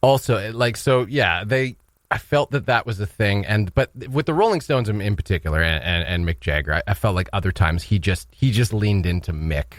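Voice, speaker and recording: A man co-hosting a morning radio show, chatting loosely and thinking out loud. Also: on the low side, animated, fairly quick, no room sound, clean studio sound. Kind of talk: casual chat. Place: radio studio.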